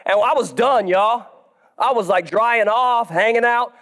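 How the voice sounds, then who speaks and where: Guy preaching in church, pretty high voice, gets soft then shouts stuff out. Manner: animated preaching, swings from low and soft to loud, drawn-out shouts. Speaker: pastor. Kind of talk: sermon. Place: church sanctuary.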